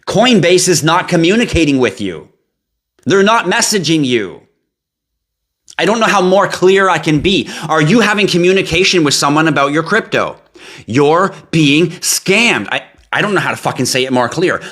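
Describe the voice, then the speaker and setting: A man's voice: a little high, lively intonation, moderate pace, fairly bright tone. A man hosting a crypto livestream, talking bluntly in a casual rant, swearing freely and squealing when he mocks panicky scam victims. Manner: blunt, profane, ranting.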